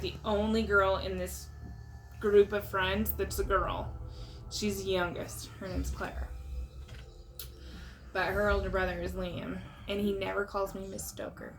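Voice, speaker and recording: A woman's voice: medium pitch, slight background noise. A young adult woman, a teacher, gossiping casually and filling her talk with "like". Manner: chatty, full of likes, gossipy. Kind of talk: casual chat.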